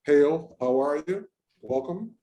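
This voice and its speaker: A man's voice: on the high side, lively intonation, a little slow, dark tone. A man moderating an online session over a video call, talking in an informal, chatty way. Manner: informal, chatty, thinking aloud. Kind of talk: hosting an online research session.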